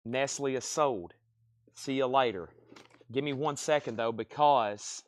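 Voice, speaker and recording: A man running a live-stream record sale, calling prices and bidders in brisk bursts with chatty asides. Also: mid-range voice, no room sound. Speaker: live auction seller.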